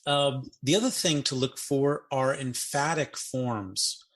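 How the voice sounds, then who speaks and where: A man's voice: medium pitch, a bit bright. Man explaining grammar in casual chat. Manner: explanatory, spells out forms slowly, playful asides. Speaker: Greek grammar podcast co-host. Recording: podcast audio.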